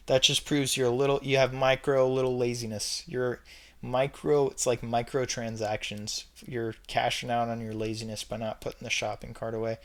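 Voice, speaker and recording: Young man ranting casually about habits. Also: medium pitch. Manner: emphatic, repeats his points, chatty fillers. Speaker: vlogger ranking red flags. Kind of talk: casual opinion monologue.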